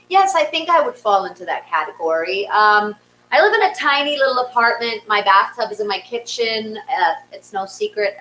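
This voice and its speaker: A woman's voice: medium pitch, bright, forceful tone. A woman hosting and telling a casual comic story from her small apartment, chatty and self-mocking with many ums. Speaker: host and storyteller. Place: small home apartment, closet studio. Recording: roomy echo, faint hum.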